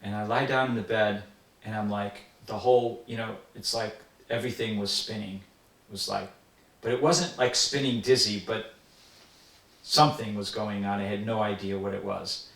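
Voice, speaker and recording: A man's voice: on the low side, steady tone, normal speed, creaky, fairly bright tone. Older man, earnest reminiscence, roomy distant sound. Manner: earnest, reflective storytelling. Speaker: interviewee recalling a spiritual teacher. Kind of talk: personal reminiscence.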